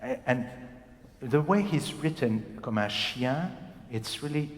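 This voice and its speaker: A man's voice: medium pitch, lively intonation, slow pace. A man leading a singing masterclass as a voice coach. He talks animatedly and demonstrates phrases by speaking and singing them out. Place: concert hall. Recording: roomy hall with long reverb.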